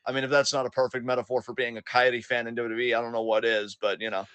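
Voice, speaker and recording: A man's voice: mid-range voice, flat delivery, racing, fairly bright tone, clear, resonant tone, no echo. A man co-hosting a casual wrestling recap podcast, swearing freely and sarcastically acting out what the wrestlers said. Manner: profane, sarcastic, acts out quotes. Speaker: podcast co-host.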